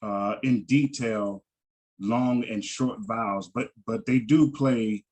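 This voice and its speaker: A man teaching a Hebrew vowel lesson over a video call, halting and repeating words and often checking in with "right?". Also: mid-range voice, a little mellow, rough recording.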